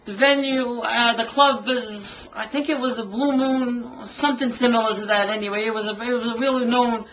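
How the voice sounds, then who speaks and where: Older lady singer telling an old gig story in an interview, bright voice, acts out the quotes, laughs a lot. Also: on the high side, fairly even intonation, normal speed, lo-fi sound. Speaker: singer and tribute artist to a famous singer.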